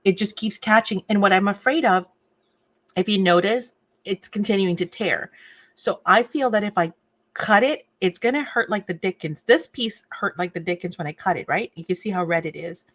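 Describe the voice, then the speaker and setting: A woman's voice: medium pitch, moderate pace. A woman hosting a casual craft livestream, chatting with viewers and fussing over a sore torn nail. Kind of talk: casual live chat while crafting.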